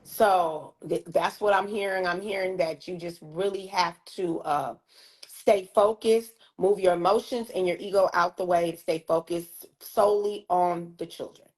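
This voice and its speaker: A woman's voice: fairly low pitch, fairly even intonation, measured pace. A woman hosting a casual interview, affirming her guest and chiming in often with short agreement. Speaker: host.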